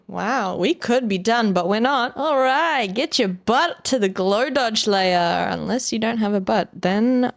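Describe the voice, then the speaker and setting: A woman's voice: medium pitch, dry recording. A young woman talking through a drawing tutorial in a playful, jokey way, chatting to viewers. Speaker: art tutorial host. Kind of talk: casual drawing tutorial voice-over.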